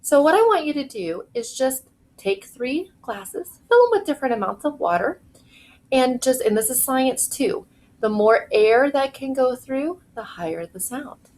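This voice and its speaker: A woman's voice: high-pitched, big pitch swings, a little mellow, low-quality recording. Woman teaching kids music from her kitchen. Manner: slow, clear, encouraging instructions to young kids. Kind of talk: home video music lesson for children. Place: home kitchen.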